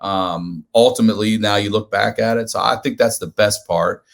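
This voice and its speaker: A man telling a comedic story as a podcast guest, animated and profane, acting out the people in it. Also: on the low side, moderate pace, creaky. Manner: animated, profane, acts out quoted voices.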